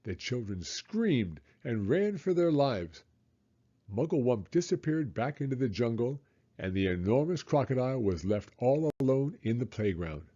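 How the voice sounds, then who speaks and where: A man reading a children's storybook aloud in an expressive, dramatic way. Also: mid-range voice, moderate pace, muffled recording.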